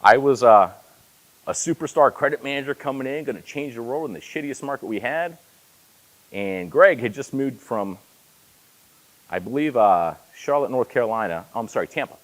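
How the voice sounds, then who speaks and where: A man's voice: medium pitch, animated, normal speed, rough recording. A man in his forties giving a conference keynote, telling stories with self-deprecating asides. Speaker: keynote speaker. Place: conference hall.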